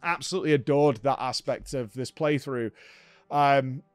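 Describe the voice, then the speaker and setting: A man's voice: medium pitch, moderate pace, clear, resonant tone, no echo, soft background music. A man hosting a gaming show, recapping a game in a rambling, enthusiastic way.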